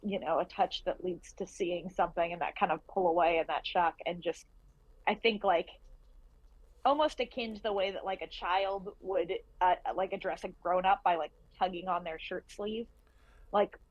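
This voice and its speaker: A woman's voice: lowish voice, steady tone, normal speed, highs cut off. A woman playing a character in a tabletop game, thoughtful and searching for her words. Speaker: player.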